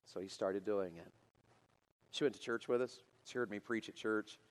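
Pastor type, storytelling sermon to a youth crowd, lively and builds to loud excitement. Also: male voice, lowish voice, normal speed, long reverb tail.

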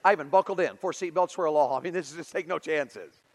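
High-voiced middle-aged male preacher. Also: fast talker, a little hiss or hum, poor audio. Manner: animated storytelling with big swings in loudness. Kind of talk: sermon.

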